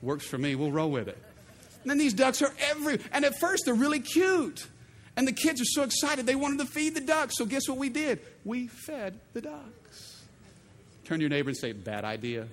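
Middle-aged pastor guy preaching, high voice all over the place, big echoey church. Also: brisk. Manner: animated, call-and-response preaching with playful voices. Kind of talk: sermon. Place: large church auditorium. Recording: long reverb of a big hall.

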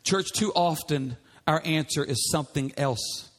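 A man's voice: a little high, a little slow. A male pastor preaching a sermon in a church, emphatic, with many repeated rhetorical questions.

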